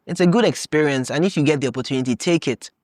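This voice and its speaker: A young man from Nigeria hosting a podcast, telling stories in a casual, animated way, laughing often and acting out his own past thoughts. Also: on the high side, quick pace, dry recording, studio quality. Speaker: podcast host. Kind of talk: casual storytelling monologue.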